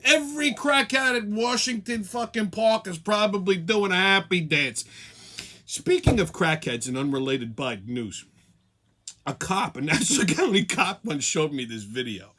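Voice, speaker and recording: A man's voice: high voice, animated, moderate pace, pushed and bright. A man hosting a weekly show, ranting sarcastically and profanely. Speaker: host. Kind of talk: profane comedic rant.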